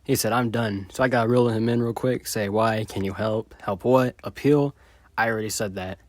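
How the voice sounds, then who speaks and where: A man retelling a chat exchange in a sarcastic, deadpan commentary style. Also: on the low side, normal speed, no room sound. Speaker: video creator.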